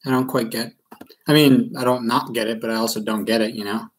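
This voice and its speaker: A man's voice: mid-range voice, fairly even intonation, a little fast, low-quality recording. A man from Maryland chatting casually on a live stream, self-deprecating and full of ums and uhs. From Maryland, USA. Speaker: live-stream card breaker. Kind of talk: rambling live-stream chat.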